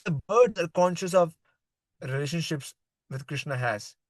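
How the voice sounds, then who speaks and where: A man leads a scripture class, reading a devotional story aloud and pausing to explain it in everyday words. His voice sits a little higher than most men's. The sound is dry and close. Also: animated, no room sound, poor audio. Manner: reads passages aloud, then explains them plainly. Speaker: spiritual teacher.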